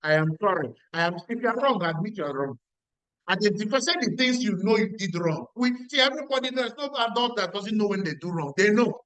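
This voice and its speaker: Emphatic high-voiced Nigerian man. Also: lively intonation, brisk, fairly bright tone, no room sound, rough recording. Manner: emphatic, repeats lines, asks the audience questions. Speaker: business mentor. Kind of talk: motivational talk at a weekly meeting.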